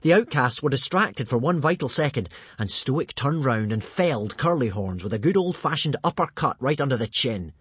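A man narrating a children's storybook aloud in an expressive, lively way. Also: mid-range voice, normal speed, hardly any pauses, husky, no room sound. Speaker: audiobook reader.

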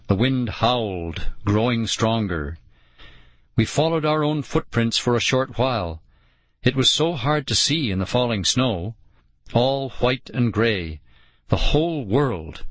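Slow, expressive male storyteller. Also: medium pitch, no echo. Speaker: audiobook narrator. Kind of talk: first-person audiobook narration.

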